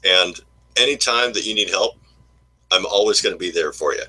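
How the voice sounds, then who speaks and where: A man hosting a casual livestream chat, talking haltingly and repeating words in an easygoing way. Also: deep voice, bright, forceful tone, low-quality recording. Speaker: livestream host.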